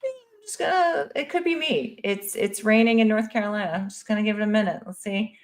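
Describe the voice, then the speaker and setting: A woman's voice: medium pitch, a little fast. Rambling woman hosting a live chat. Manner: rambling, self-interrupting, joking. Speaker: host. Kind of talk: casual live-stream chat. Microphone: video call.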